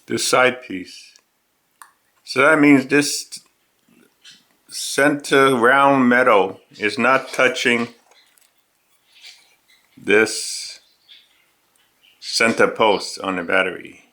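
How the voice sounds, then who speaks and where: Slow, bright-voiced man explaining. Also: mid-range voice, fairly even intonation. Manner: slow, methodical, step-by-step. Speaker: dad fixing a toy. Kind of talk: casual explanation. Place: at home indoors.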